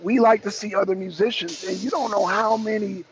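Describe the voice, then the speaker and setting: A man's voice: high voice, a little fast. A man hosting a talk show, giving rambling, blunt opinion commentary with emphatic repeats and casual cursing. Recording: dull lo-fi sound with faint noise.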